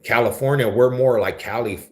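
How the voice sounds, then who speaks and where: A man's voice: medium pitch, brisk. A man with an East Denver accent, hosting a casual livestream and answering viewers in laid-back, slangy talk. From Denver, USA. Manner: laid-back slangy talk, calls people homie and fool. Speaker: livestream host.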